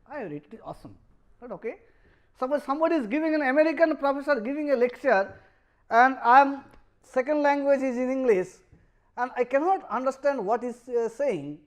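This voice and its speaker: Man, Bengali-accented English, professor, lecture, halting and repetitive phrasing, middle-aged. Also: very high voice. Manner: halting, repeats and restarts phrases. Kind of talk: university lecture.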